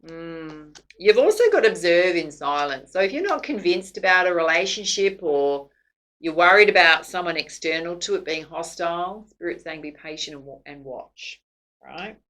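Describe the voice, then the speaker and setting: A woman's voice: on the low side, lively intonation, moderate pace, a bit bright, poor audio. A woman doing a casual tarot reading to camera, chatty and laughing often. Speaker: psychic tarot reader.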